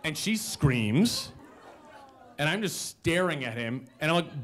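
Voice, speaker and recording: A man in his forties telling a comic personal story live on stage, self-mocking, with animated quoted voices and audience laughter behind. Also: fairly high pitch, quick pace, a little hiss or hum.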